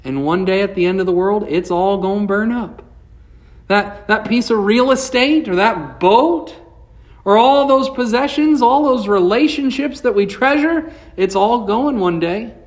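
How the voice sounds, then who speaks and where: A male pastor delivers a sermon at an unhurried, deliberate pace. His preaching swells with passion and then sinks low, and he reads scripture aloud between points. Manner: impassioned preaching, rising and falling.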